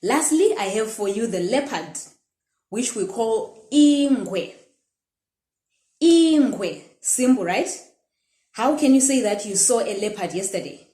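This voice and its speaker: Woman, language teacher, slow careful drills, mellow tone, echoey room. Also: on the high side, animated. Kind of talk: language lesson.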